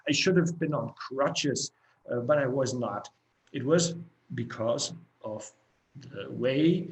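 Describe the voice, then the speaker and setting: A man's voice: on the high side, poor audio. Chatty rambling middle-aged man. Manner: chatty, rambling, frequent fillers and restarts. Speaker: company co-founder and CEO. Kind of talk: casual spoken interview.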